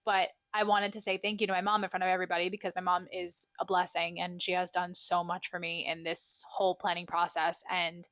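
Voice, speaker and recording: A young woman co-hosting a podcast, catching up in a chatty, self-deprecating, animated way. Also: lowish voice, fairly quick, few pauses, no echo. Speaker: podcast co-host. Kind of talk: casual solo catch-up chat.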